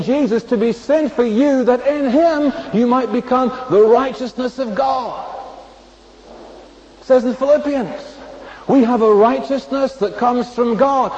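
Male preacher, sermon, emphatic, high voice, faint background hiss. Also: darkish tone. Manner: emphatic, slows to stress single words; acts out inner voices of listeners. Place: speaking from a platform before an audience. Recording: dull lo-fi recording with faint noise.

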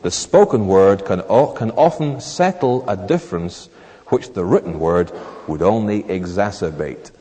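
A man preaching a sermon in a church hall, animated, acting out little scenes in raised voices. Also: sits low, a little slow. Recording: long reverb of a large hall.

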